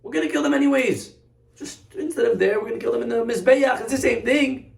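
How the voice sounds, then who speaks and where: A man voicing a biblical king, a grown man who boasts and then pleads, in a high, strained voice. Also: quick pace, gravelly, exaggerated voice. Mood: excusing. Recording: roomy echoey room.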